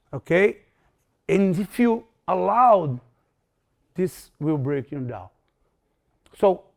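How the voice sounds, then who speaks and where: Slow, gravelly man speaking broken English. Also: a little high, darkish tone. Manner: broken English, repeats words, acts out quotes. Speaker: martial arts instructor. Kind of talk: motivational talk.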